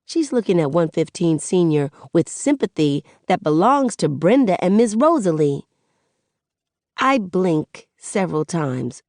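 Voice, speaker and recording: A woman reading a first-person audiobook in a measured, expressive way. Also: lowish voice, no room sound, studio quality. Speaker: audiobook narrator.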